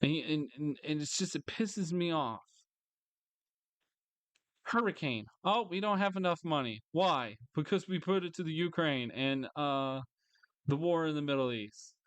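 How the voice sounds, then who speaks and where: A man angrily ranting in a vlog monologue, swearing heavily, repeating himself and jumping into higher mocking voices. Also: lively intonation, measured pace, pauses often, a bit bright, clear, resonant tone, dry recording. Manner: frustrated, swearing, repetitive. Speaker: vlogger.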